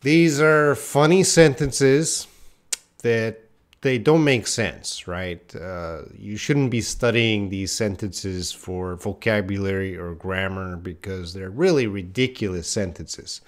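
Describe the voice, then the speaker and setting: Slow, chatty male English teacher. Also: on the low side. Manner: casual, self-deprecating, addresses viewers by chat names. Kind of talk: live online English lesson.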